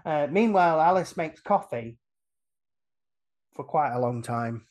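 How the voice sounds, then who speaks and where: A man on a casual podcast, retelling a film's plot with lively energy, acting out the characters' lines and laughing often. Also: fairly high pitch, measured pace. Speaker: podcast guest retelling a film.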